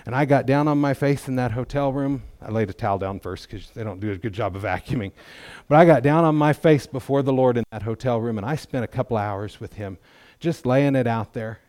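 A man's voice: medium pitch, fairly quick, darkish tone, no echo. Folksy middle-aged man giving church testimony. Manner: folksy, self-deprecating humor, conversational. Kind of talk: sermon testimony.

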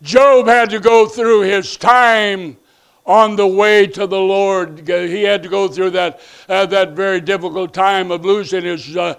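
Gravelly high-voiced preaching pastor. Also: male voice, steady tone, measured pace. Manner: swings between loud pleading rises and soft low passages; repeats and restarts phrases for emphasis. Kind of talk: preaching sermon.

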